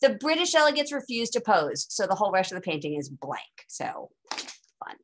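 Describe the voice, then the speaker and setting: A woman's voice: mid-range voice, very animated, normal speed, a bit bright, a little hiss or hum. Woman, teacher, casual online lecture, chatty, wry sarcastic asides, informal.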